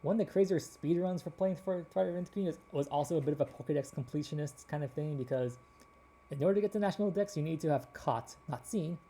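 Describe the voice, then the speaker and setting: A man hosts his gameplay video in a loose, rambling way, restarting his sentences as he goes. His voice is very dark and mellow but sits a little high. By now it has turned slightly hoarse. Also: fast. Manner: rambling, with frequent restarts and fillers. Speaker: gaming channel host.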